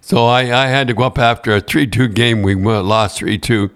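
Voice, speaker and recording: A man's voice: on the low side, moderate pace, fairly bright tone. An older man with a Canadian accent, telling rambling hockey stories in casual chat, with restarts and chuckles. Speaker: podcast host and former hockey coach.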